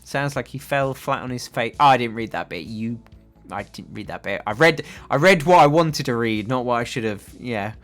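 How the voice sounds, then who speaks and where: A man's voice: mid-range voice, lively intonation, normal speed, fairly bright tone, soft background music. Chatty man hosting a livestream. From England. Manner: chatty, rambling, with frequent fillers. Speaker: livestream host. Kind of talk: casual livestream chat reading viewer comments. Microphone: desk microphone.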